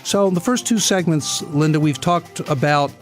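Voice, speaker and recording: A man's voice: fairly high pitch, moderate pace, soft background music. A man hosting a business talk radio show from a studio, easygoing and conversational with frequent filler sounds. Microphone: studio microphone.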